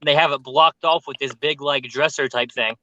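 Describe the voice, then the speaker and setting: Animated man telling a ghost story. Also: mid-range voice, a little fast, highs cut off, slight background noise. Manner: animated, filler-heavy storytelling. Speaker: paranormal youtuber telling a story. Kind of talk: casual storytelling on a group call.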